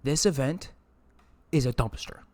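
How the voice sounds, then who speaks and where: Man, podcast host, casual esports rant, lots of swearing, chats with viewers, mid pitch. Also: unhurried, darkish tone. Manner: profane, ranting, talks to live chat. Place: indoors at a streaming setup.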